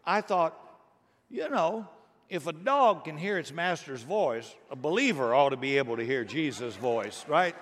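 A man's voice: on the high side, animated, measured pace, fairly bright tone, some chatter behind. A middle-aged man preaching a sermon as pastor, earnest and rising to emphatic bursts. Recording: long hall reverb.

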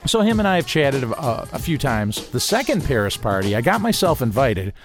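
Man from Ohio recounting a wild true story, lively and conversational, with a mid-range voice. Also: mid-range voice, fairly quick, music in the background. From Ohio, USA. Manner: animated, acts out quoted lines with a raised voice. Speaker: interviewee telling a personal story. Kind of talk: casual anecdotal storytelling.

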